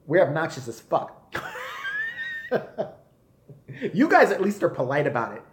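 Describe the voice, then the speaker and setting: Profane American man in his forties, lively swinging delivery, echoey room, casual live-stream host. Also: high voice, takes it slowly. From United States. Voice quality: profane, animated, often laughing. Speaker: livestream host.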